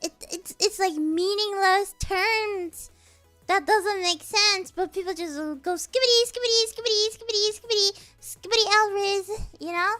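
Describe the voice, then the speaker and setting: A woman's voice: very high-pitched, a little slow, sharp tone, soft background music. A woman streamer explaining slang in a casual, giggly, rambling way, often restarting her sentences.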